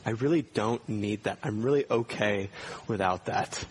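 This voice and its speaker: A man's voice: on the low side, normal speed, a little hiss or hum. A male pastor preaching a sermon in a church, earnestly putting pointed questions to his congregation.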